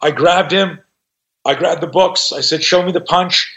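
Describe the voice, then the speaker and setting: Guy in his 60s telling a swear-heavy story, acting out every voice, kinda high voice, muffled audio. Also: moderate pace. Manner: profane, animated, acts out voices in his stories. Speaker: self-defense instructor, guest. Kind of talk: storytelling in a conversation. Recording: dull lo-fi sound.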